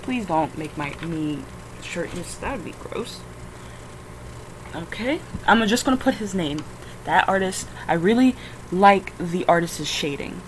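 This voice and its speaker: A woman's voice: on the low side, slight background noise, low-quality recording. A tired woman rambling through a casual screen-recording vlog, swearing often and flaring into frustrated outbursts. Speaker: vlogger.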